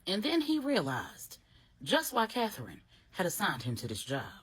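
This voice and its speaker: A woman narrating a grown-up bedtime story in a steady, expressive read. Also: mid-range voice, moderate pace, husky.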